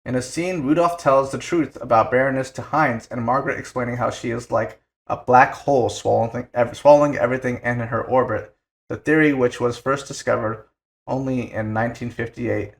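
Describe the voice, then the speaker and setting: Casual young man with a gravelly voice. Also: medium pitch, steady tone, brisk. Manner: loose and chatty, lots of "like", swears casually. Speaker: podcast co-host. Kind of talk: casual film podcast chat.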